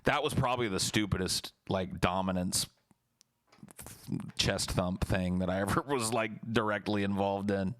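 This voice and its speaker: A man's voice: low voice, normal speed, a bit bright. A young man streaming, telling a story casually and talking back to his chat in a profane, blunt, laid-back way.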